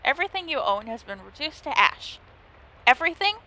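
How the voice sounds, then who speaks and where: A woman's voice: a little high, very animated, fairly quick, pushed and bright, a little hiss or hum. A woman hosting a let's play, reading the game's narration aloud and chatting playfully between lines. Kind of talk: gameplay commentary, reading game text aloud.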